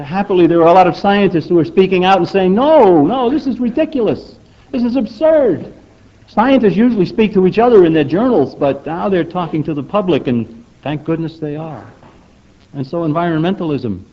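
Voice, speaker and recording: A man's voice: on the high side, fairly quick. An older man giving a public lecture in an emphatic, rhetorical manner, often asking the audience for agreement. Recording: dull lo-fi recording.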